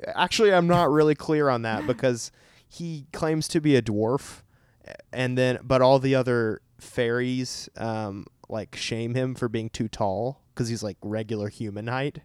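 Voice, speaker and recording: A man's voice: mid-range voice, a little slow, a little mellow, clear, resonant tone, no room sound. A young man co-hosting a podcast, chatting casually in a rambling, joking way. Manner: rambling, laughing, self-deprecating. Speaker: podcast co-host. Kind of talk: casual chat.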